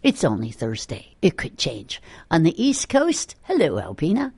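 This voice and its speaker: A woman's voice: sits low, huge pitch swings, moderate pace, darkish tone, husky, dry recording. Chatty small-town rock radio DJ woman. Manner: chatty, rambling, with many fillers. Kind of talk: casual radio DJ patter with ads and weather. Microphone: studio microphone.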